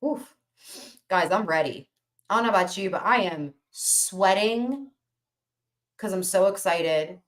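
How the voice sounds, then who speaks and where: A woman business coach hosting a live motivational workshop stream, energetic and emphatic, repeating phrases for rhythm. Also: mid-range voice, measured pace, pauses often.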